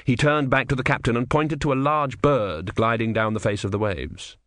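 A man reading an audiobook in measured, dry storytelling narration. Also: medium pitch, a bit bright, no echo. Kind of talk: scripted narration.

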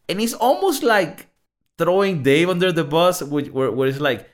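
A man's voice: on the high side, animated, moderate pace. A man co-hosting a casual podcast, telling stories animatedly, mimicking people and swearing freely. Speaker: podcast co-host.

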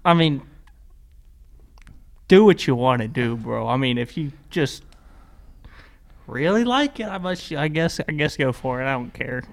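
A young man with a Texan accent in casual podcast chat, joking in a deadpan way. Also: medium pitch, unhurried, gravelly, pauses often. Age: young adult.

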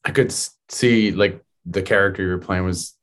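A deep-voiced man conducts a casual interview. He asks his questions in an easy way and drops quick words of agreement while his guest talks. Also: steady tone, a bit bright. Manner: attentive, short affirmations.

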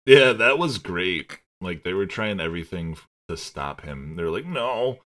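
A man with a very deep voice that leaps around expressively chats casually about a movie on a podcast. He laughs often, swears freely and slips into quick impressions of the characters. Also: very animated, fairly bright tone. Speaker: podcast co-host.

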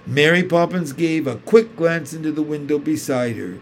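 A man reading a children's storybook aloud in a calm, measured way. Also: a little high, a little hiss or hum. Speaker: narrator.

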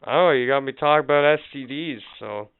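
A man co-hosting a podcast, telling stories in casual chat, animated and profane, acting out what others said. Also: medium pitch, a little fast, clear, resonant tone. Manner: animated, profane, acts out quotes. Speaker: podcast co-host. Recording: tinny phone-like sound.

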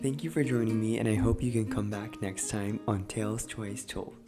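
A man hosting a podcast, reading an old fairy tale aloud in a measured, even way. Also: fairly low pitch, music in the background. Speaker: podcast host and reader. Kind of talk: storybook reading.

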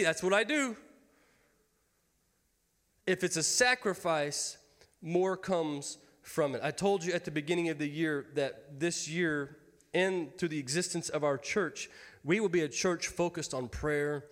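In a church sanctuary with long hall reverb, a pastor in his thirties preaches a folksy sermon, joking with his congregation. His voice is a little high and a bit bright.

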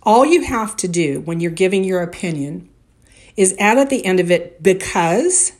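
A woman's voice: lowish voice, animated, moderate pace, darkish tone. A middle-aged woman hosting a solo podcast, giving workplace advice in a direct, conversational way. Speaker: podcast host and workplace coach.

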